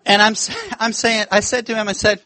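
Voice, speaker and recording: A man's voice: sits high, brisk, no room sound. A man preaching a sermon in church, telling a story with laughter and acting out the voices in it. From United States. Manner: animated, laughing, acts out quoted voices.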